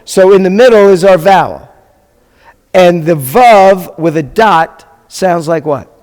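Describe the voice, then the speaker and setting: Here the rabbi's voice is high-pitched and a little mellow, and he takes things slowly. He talks casually with his beginner students, patiently stopping often to quiz the class, all within a long, echoing hall reverb.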